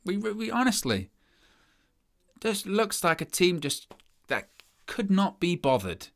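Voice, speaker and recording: A man commentates live over a match, ranting with weary sarcasm about his side. His voice is bright and forward, and his delivery swings between flat disbelief and raised frustration. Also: high-pitched, measured pace, vocal fry. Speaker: fan channel presenter.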